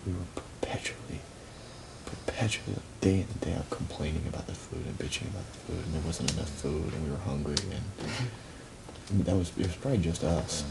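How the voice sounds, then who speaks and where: A deep, gravelly-voiced man rambles through stories late at night, swearing freely and restarting sentences as he goes. He talks in a shared bedroom over a clip-on mic, with heavy hiss covering the live-feed audio. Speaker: reality show houseguest. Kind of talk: late-night casual storytelling.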